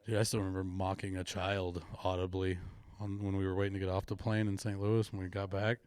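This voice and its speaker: Young male comic from Missouri, wry and laid-back, lower voice, dry mic. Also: flat delivery, brisk, a little mellow, clean tone, dry recording. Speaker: comedian podcast co-host. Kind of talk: casual comedic chat.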